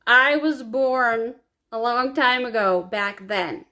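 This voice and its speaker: Tearful woman vlogging slowly. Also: a little high, bright, forceful tone. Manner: emotional, confiding, slow and halting. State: crying. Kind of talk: personal storytelling to camera.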